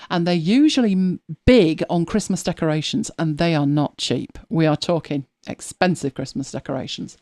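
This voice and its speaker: A woman's voice: low-pitched, darkish tone. Chatty British woman hosting a show. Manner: chatty, rambling storyteller with frequent self-corrections. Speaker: host. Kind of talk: casual live-show chat.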